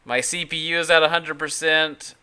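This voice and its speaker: Bright, clear-voiced man streaming casually. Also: on the high side, little pitch movement, moderate pace. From Utah. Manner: thinks aloud, hesitant restarts. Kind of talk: casual live-stream chat while working.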